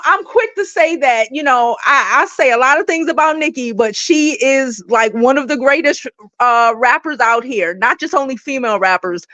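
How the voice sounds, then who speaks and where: Animated Brooklyn woman in her forties. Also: high voice, no room sound, highs cut off. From Brooklyn, New York. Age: 40s. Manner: animated, laughing, swearing freely. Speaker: guest panelist. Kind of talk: casual gossip chat. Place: home kitchen.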